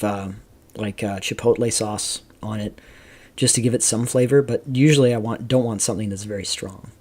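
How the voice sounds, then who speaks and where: A man hosting a live stream, rambling casually through commentary, reading chat questions aloud and filling pauses with "um" and "like". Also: medium pitch, darkish tone. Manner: rambling, reads chat aloud, many fillers. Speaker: streamer host.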